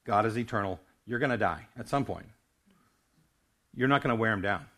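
A man's voice: on the low side, expressive, fairly quick, fairly bright tone. An older man preaching a sermon as a pastor, earnest, often stumbling and restarting his words.

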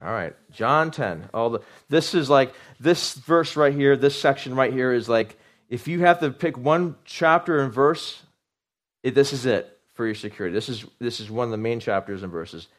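A middle-aged man preaching a sermon, animated, repeating words for emphasis and asking his congregation questions. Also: medium pitch, moderate pace. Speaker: pastor.

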